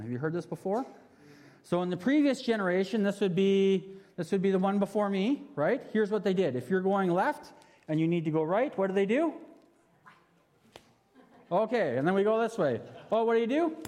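A man in his 30s gives a storytelling sermon in a warm, high, animated voice, speaking a little fast. He brings the story to life and asks the audience questions, all under long hall reverb.

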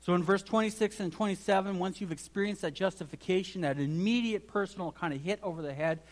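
A man's voice: high voice, fast. A man preaching a sermon with earnest emphasis, now and then restarting his phrases as he builds his point. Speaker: pastor.

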